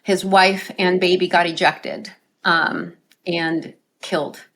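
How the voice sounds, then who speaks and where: Woman coach on a podcast, bit low voiced, earnest storyteller, keeps checking in with a quick question. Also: fairly even intonation, fairly bright tone, a little hiss or hum. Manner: earnest, often ends points with a tag question. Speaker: life coach, podcast guest. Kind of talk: conversational interview storytelling.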